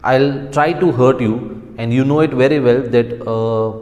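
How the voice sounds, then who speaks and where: A man's voice: mid-range voice, darkish tone. Male teacher, explanatory lesson delivery, long-reverb recording. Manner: explains slowly, checks with "right?". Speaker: school English teacher. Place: school.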